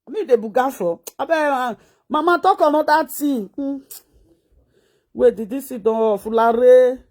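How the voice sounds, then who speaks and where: A Nigerian woman vlogger ranting and mocking someone with rapid rhetorical questions in a scolding manner. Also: high-pitched, a little mellow. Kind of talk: ranting live-stream commentary.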